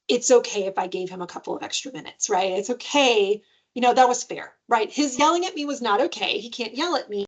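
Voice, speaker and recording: Chatty woman teaching parents, higher voice. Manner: conversational, frequent "right?" tag questions; acts out child and parent quotes with sudden high pitch. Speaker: adoption agency trainer. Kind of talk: webinar presentation.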